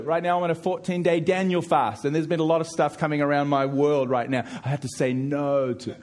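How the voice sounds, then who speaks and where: This middle-aged preacher keeps repeating words, raising his volume and pitch to hammer home key ideas. His delivery is flat and a little fast, with hardly any pauses.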